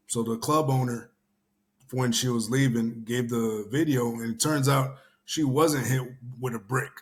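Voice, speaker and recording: A young adult man from the Houston area, host of a casual commentary show, telling a story in a rambling way with lots of fillers and casual swearing. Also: medium pitch.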